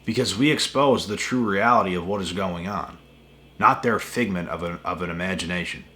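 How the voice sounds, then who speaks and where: Guy ranting to his viewers, lowish voice, keeps repeating himself and swears a ton. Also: brisk, pushed and bright. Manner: emphatic, repetitive and heavy on swearing. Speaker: spiritual channel host. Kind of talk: casual rant to camera.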